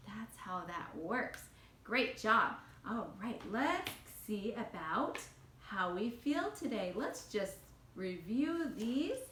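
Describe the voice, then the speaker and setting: A woman teaching a phonics lesson to young children, enunciating slowly and carefully. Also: medium pitch, fairly bright tone, reverberant, a little hiss or hum.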